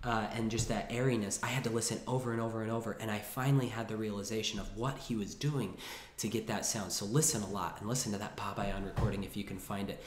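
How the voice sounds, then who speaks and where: A man's voice: on the low side, fairly even intonation, fast talker. A man giving a casual piano lesson, talking things through with restarts and demonstrating as he goes. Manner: chatty, thinks aloud with restarts, sings phrases between words. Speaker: piano teacher. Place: room with a piano. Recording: roomy echo with piano. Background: piano played between phrases.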